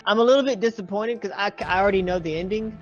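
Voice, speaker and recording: A man chatting casually with friends during a game, excited and swearing often, talking in quick bursts. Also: high-pitched, highs cut off, soft background music. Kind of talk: casual chat over voice chat.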